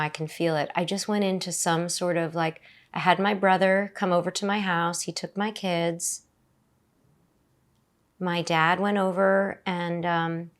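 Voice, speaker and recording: A middle-aged woman, a podcast guest, tells a personal story haltingly, with many fillers and restarts. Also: lowish voice.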